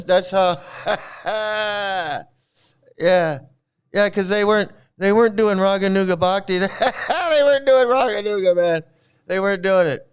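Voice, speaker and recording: A man's voice: sits high, smooth. A man hosting his own channel, ranting angrily in a heated, profane, repetitive way. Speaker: channel host. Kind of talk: angry ranting vlog commentary.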